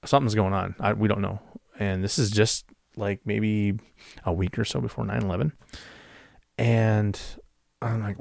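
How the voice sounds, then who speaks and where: A man's voice: on the low side, brisk, vocal fry, dry recording, clean studio sound. A middle-aged man, a former radio DJ, casually telling strange stories from his past with many fillers and restarts. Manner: relaxed, with frequent fillers and restarts. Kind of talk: casual storytelling.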